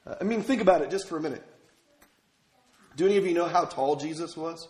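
A man's voice: fairly high pitch, quick pace, darkish tone. A man from Minnesota preaching a sermon as pastor, telling stories conversationally and asking the congregation rhetorical questions. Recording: echoey room.

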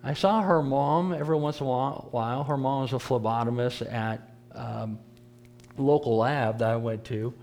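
A man's voice: medium pitch, normal speed, a little mellow, faint music behind. Man, preacher, church class lesson, conversational, repetitive emphasis.

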